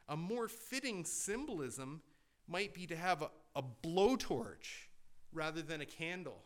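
A man preaching a sermon in a conversational way, asking the congregation questions and shifting between loud emphatic lines and quiet asides. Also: on the high side. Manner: conversational preaching with rhetorical questions and repeated restarts. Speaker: pastor.

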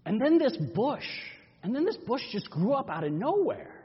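A male pastor delivering a first-person dramatic sermon, telling the story in an expressive, animated way. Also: very high-pitched, moderate pace, husky. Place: church sanctuary. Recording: dull reverberant church recording.

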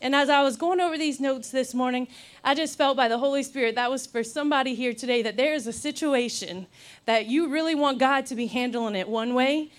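A young woman preaching a sermon in a lively, laughing, storytelling way. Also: sits high, fairly quick. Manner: animated, laughs often, acts out quotes.

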